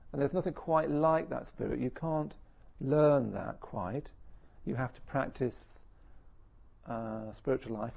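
A middle-aged man gives a reflective talk, his voice deeply gravelly with a husky, breathy edge. He muses in a self-deprecating way and is an average pitch for a man. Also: dark tone. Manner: self-deprecating, chuckling often, musing. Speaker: speaker giving a talk. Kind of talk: reflective personal talk to an audience.

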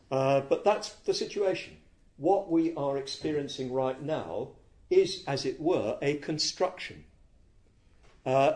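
A man with a mellow, medium-pitched voice gives a thoughtful dharma talk as a Buddhist teacher. He hesitates, hunts for the right words, and frequently corrects himself.

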